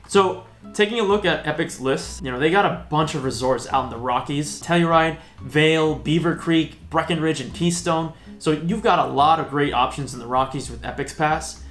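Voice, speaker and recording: A man's voice: a little high, fairly bright tone. A man hosting a casual vlog, chatty and upbeat, with self-mocking asides. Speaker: host. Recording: roomy echo.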